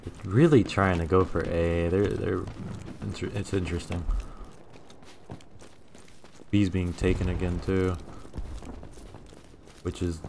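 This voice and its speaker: A man chatting casually while playing a shooter game, calling out enemies with quick excited exclamations. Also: sits low, gravelly, background noise. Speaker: gaming streamer. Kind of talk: casual gameplay chat. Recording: game audio with loud gunfire.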